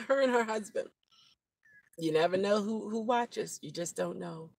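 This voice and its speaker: A woman's voice: medium pitch, measured pace, creaky, no room sound, low-quality recording. A woman vlogging from her car as a rideshare driver, musing reflectively and laughing often. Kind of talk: casual vlog monologue. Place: inside a car.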